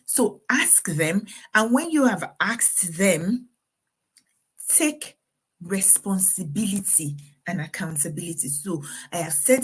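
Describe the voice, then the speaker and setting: Her voice is mid-range and slightly rough: a middle-aged parenting speaker giving sincere, faith-rooted advice, with frequent laughter mixed into her talk.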